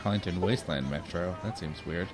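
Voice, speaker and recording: A young man co-hosting a let's play, laid-back but quick to argue a point. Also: low-pitched, over music. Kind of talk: casual gameplay banter.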